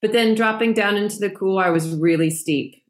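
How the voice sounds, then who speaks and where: A woman being interviewed, talking in a relaxed, chatty way and laughing often. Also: medium pitch, brisk. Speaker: podcast guest, ski mountaineer. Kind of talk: casual interview chat.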